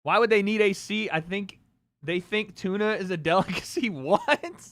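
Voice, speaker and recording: High, bright-voiced male streamer. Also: normal speed, no echo. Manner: joking, trolling banter with his chat. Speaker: livestream host. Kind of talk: casual livestream chat. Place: home.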